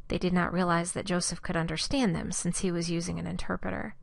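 A woman reading scripture aloud in a steady, measured way, giving quoted speech only a slight lift. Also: fairly low pitch, vocal fry, no room sound. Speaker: scripture reader.

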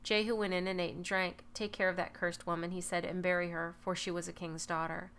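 A woman reading a Bible passage aloud at a measured pace, now and then correcting a slipped word. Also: fairly low pitch, level tone, a bit bright, a little hiss or hum. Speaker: Bible reader. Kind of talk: scripture reading.

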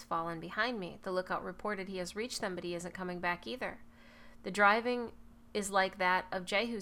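A woman reading a Bible passage aloud at a measured pace, now and then correcting a slipped word. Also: on the low side, fairly bright tone, a little hiss or hum. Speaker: Bible reader. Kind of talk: scripture reading.

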